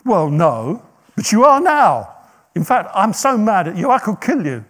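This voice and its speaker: Stubborn male prophet, put on by a preacher, emphatic, insistent, high-pitched, animated. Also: measured pace. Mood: angry. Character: stubborn angry male prophet refusing to curse.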